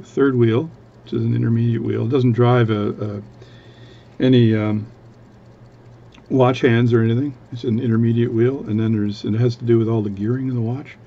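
A man's voice: mid-range voice, vocal fry, warm tone, muffled recording, a little hiss or hum. A man from Canada, a watchmaker, chatting casually at his workbench in a rambling, self-interrupting way. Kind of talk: casual chat.

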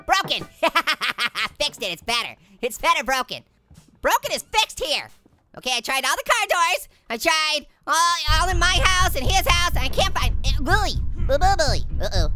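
A woman voicing a hyper, giggly cartoon orange who rambles and jokes through a let's play commentary. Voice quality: squeaky, bouncy, silly. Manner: rambling, joking, giggling at own gags. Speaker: gameplay commentator.

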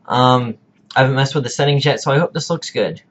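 A man hosting a casual vlog, delivering a mock-serious rant with deadpan, exaggerated indignation and drawn-out pronunciations. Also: mid-range voice, lo-fi sound. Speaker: video host.

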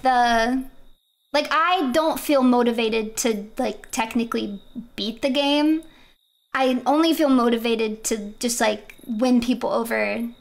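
A woman's voice: sits high, creaky. A young woman streamer giving casual, rambling gameplay commentary, often breaking into giggles.

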